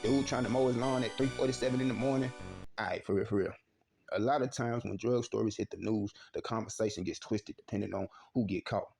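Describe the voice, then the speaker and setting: A man with a Texan accent hosting a comedic news show, loud and slangy as he jokes through the story. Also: lowish voice, fairly quick, gravelly, husky, soft background music. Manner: loud joking slangy delivery. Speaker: news commentary host.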